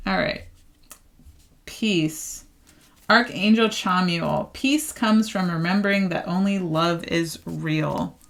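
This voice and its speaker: A woman's voice: fairly low pitch, slow pace, creaky. A woman reading tarot cards for her viewers in a loose, chatty way. She talks emphatically, circles back to repeat her phrases and laughs often as she goes. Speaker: tarot card reader.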